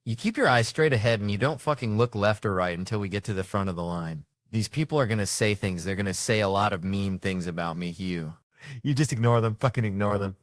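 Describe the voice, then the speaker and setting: A man with a very low voice performs stand-up comedy. He tells his stories in an animated, foul-mouthed way. The sound is dry and close. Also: brisk, no echo. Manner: animated, profane storytelling.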